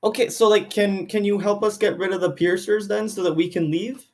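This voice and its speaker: A man's voice: sits high, steady tone, brisk, pitched above the performer's own voice. A man putting on a hesitant, stammering voice for a nervous, pleading adventurer.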